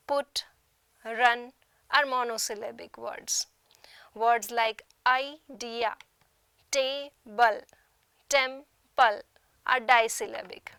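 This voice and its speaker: A woman from India, an assistant professor of literature, giving a slow, carefully enunciated recorded lecture in a studio. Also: on the high side, a bit bright, no echo. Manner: slow, deliberate, clearly enunciated explanation.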